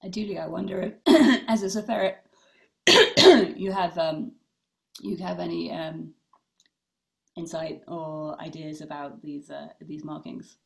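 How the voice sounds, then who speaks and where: This rabbi's low, creaky voice moves at a measured pace, broken by long pauses, as she teaches a casual online study group. Thinking aloud thoughtfully, she leans on fillers and restarts and voices the participants' comments.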